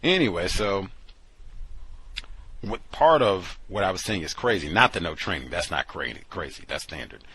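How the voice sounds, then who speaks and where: A low-voiced man hosts a commentary show in a husky, bright-edged voice that rides a very lively pitch range. His delivery is sardonic and incredulous, dropping to mutters and then springing up to exclamations. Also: normal speed, no room sound, poor audio. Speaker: show host. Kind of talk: talk show commentary monologue.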